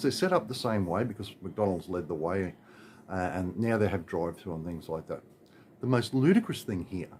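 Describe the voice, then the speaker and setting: Aussie bloke rambling on about stuff, lowish voice, bit of faint noise behind. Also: male voice, darkish tone. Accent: Australian. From Australia. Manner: rambling, exasperated, with frequent filler and restarts. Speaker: vlogger. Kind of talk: casual ranting monologue.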